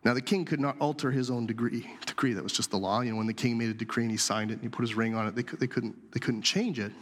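A man telling a scripture story as a sermon, animated and acting out the characters' lines. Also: medium pitch, rapid-fire. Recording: long hall reverb.

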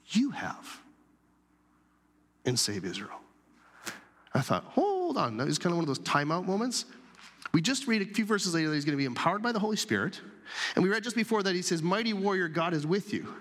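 A man preaching a sermon as pastor, animated and then dropping to soft whispers for emphasis. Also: high voice, big-room sound.

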